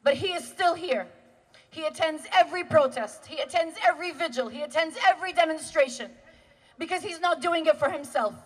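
A woman emceeing an outdoor rally, introducing the next speaker in a steady, rhythmic build-up. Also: sits high, fairly quick, long reverb tail.

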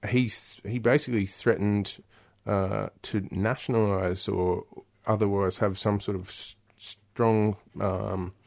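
A man hosting a radio interview, asking questions in a measured, hesitant way with frequent "uh". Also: on the low side, creaky. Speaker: radio host.

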